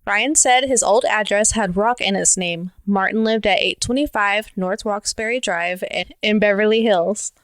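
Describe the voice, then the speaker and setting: A woman's voice: mid-range voice, moderate pace, hardly any pauses, fairly bright tone, dry recording. A woman co-hosting a podcast, reading stories aloud and laughing often between them. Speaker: podcast co-host. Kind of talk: reading stories, casual chat.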